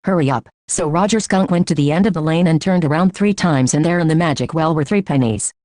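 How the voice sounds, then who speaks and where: A woman reads a short story aloud for an audiobook, her pace steady and measured. Her voice sits on the low side, and the recording is dry and close, with no room echo. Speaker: audiobook reader. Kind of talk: scripted story narration.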